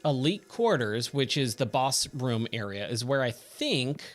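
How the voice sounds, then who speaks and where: A man's voice: medium pitch, very animated, measured pace, soft background music. Chatty Californian guy narrating gameplay. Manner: chatty, exclaims at the game, surfer slang. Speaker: streamer; trainer at day job. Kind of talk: casual let's-play commentary.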